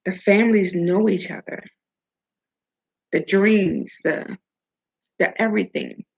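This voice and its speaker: Gravelly, husky woman giving casual advice. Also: mid-range voice, fairly even intonation, slow pace, lo-fi sound. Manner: chatty, preachy, swears casually. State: talking with food in her mouth. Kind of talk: casual motivational talk.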